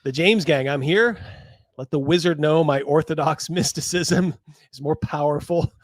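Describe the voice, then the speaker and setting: A man hosting a casual livestream chat, playful and quick to laugh. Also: no echo. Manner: playful, laughs easily, lively pitch. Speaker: show host.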